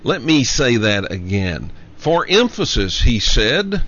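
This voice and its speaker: A man hosting a show, giving an emphatic solo commentary and slowly repeating his key lines for effect. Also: mid-range voice, very animated, a bit bright. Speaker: show host. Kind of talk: monologue commentary. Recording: dull lo-fi audio.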